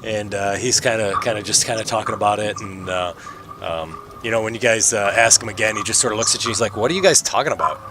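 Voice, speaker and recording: A man's voice: fairly low pitch, fairly even intonation, fast talker. A man in a casual, rambling way of speaking, narrating as game master of a tabletop game, full of fillers. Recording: noisy home mic.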